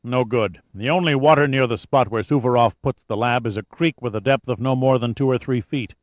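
A man doing a stern, gruff old admiral. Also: mid-range voice, fairly quick, dry recording, dull audio, close to an everyday voice. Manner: stern, growling.

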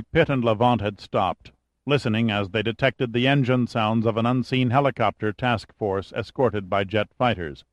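A man narrating an adventure audiobook in a steady, even reading voice at a middle pitch. The recording is close and very dry, with no room echo at all.

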